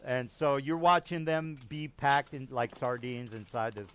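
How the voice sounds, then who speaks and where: A man's voice: medium pitch, unhurried, fairly bright tone, slight background noise. A man narrating as game master, casual and profane with lots of fillers.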